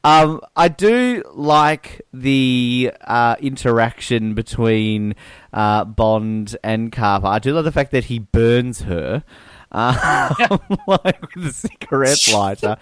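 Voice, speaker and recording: A man's voice: mid-range voice, takes it slowly, clear, resonant tone, dry recording. A man co-hosting a film podcast in casual chat, swearing freely and laughing as he talks. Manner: animated, swears freely and laughs mid-sentence. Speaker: podcast co-host.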